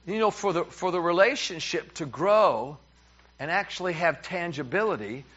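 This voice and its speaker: Middle-aged New preacher, man; lively storyteller who acts out both sides of a conversation, slightly dull recording. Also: a little high, normal speed. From New York. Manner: animated, repeats words, acts out dialogue. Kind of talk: humorous sermon storytelling. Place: church.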